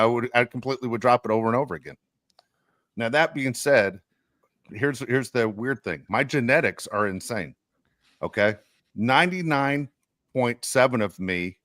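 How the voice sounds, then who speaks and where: A man's voice: fairly low pitch, a bit bright, no room sound, clean studio sound. An older man co-hosting a podcast, telling rambling, self-mocking jokes in casual chat. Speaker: podcast co-host.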